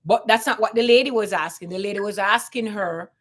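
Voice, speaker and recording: A woman's voice: medium pitch, brisk, a bit bright. A woman with a Jamaican accent talking casually on a live stream, emphatic, repeating points and asking rhetorical questions.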